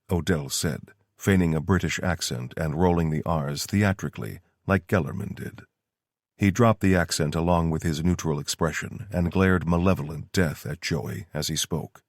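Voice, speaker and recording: A man reading an audiobook in steady, scripted narration. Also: low-pitched, moderate pace, no room sound, studio quality.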